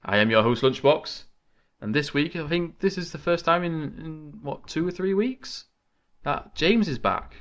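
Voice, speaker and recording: A man hosting a casual gaming podcast, talking in an excitable, chatty, rambling way into a desk microphone. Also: fairly high pitch, measured pace, dull audio. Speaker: podcast host.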